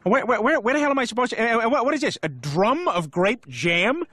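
Cast a blustering cartoon dad, high and bright with wild swings, stammering. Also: male voice, big pitch swings, fairly quick, no echo, clean studio sound, full character voice. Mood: baffled. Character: loud goofy middle-aged family man. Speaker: director on set. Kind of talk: cartoon voice acting.

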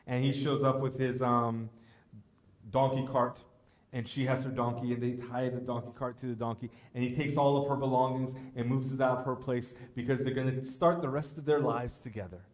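A man preaching a sermon as pastor, telling stories in a relaxed, conversational way. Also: medium pitch, fairly quick. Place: church. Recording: echoey church hall.

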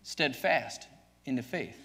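A man's voice: mid-range voice, lively intonation, slow, bright, forceful tone, breathy edge. A man with a Southern US accent preaching a sermon to his congregation, emphatic and joking with them, chuckling often. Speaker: pastor. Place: church sanctuary. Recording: church livestream, long reverb.

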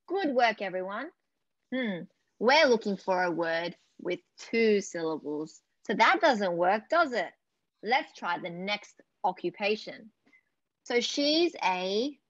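A young Australian woman leading a children's lesson, gently encouraging the kids and drawing her words out. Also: a little high, dry recording. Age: young adult. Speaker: speech clinic presenter. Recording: dull dry lo-fi audio.

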